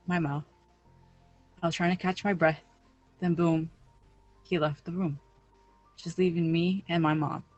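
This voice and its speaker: A teenage girl giving a live personal storytelling performance on stage, slow and emphatic in a dramatic delivery to an audience. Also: on the low side. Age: teens. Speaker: teen storyteller.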